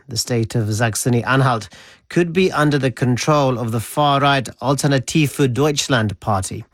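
A man presenting the news in a measured, formal way. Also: medium pitch, slightly rough, no echo. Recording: dry studio sound.

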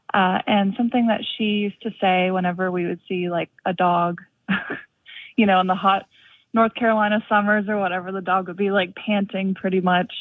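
A woman's voice: mid-range voice, dry recording. A young woman calling in to a radio show, chatty and curious, with lots of "like" and "you know.". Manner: chatty, curious, filler-heavy. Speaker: caller. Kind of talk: phone-in chat. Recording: phone line.

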